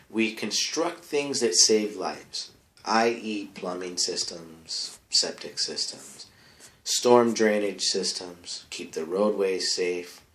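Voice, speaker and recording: Rambling bro-ish man in echoey room. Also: on the low side. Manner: rambling, bro-ish, trailing into mumbled asides. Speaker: comedic advice-show persona. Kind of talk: rambling comic monologue.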